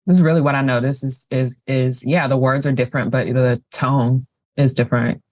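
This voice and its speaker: A woman's voice: extremely low pitch, steady tone, darkish tone, dry recording. A woman talking reflectively in a casual podcast conversation, often restarting her sentences. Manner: reflective, halting, many restarts.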